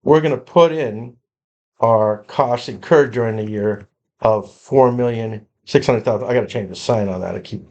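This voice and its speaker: A man's voice: mid-range voice, moderate pace, a little mellow, highs cut off. A man teaching an accounting lesson, explaining spreadsheet entries in a conversational way with frequent repeats and restarts. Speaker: accounting instructor. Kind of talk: screen-recorded lecture walkthrough.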